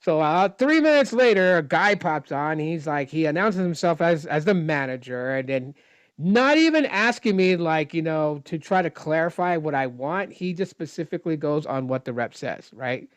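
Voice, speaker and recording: An expressive man with a fairly high, clear, resonant voice talks at a moderate pace, with no room sound. As a dissatisfied phone customer, he rants exasperatedly about a service call, retelling both sides of the dialogue in his own voice and explaining technical points at length.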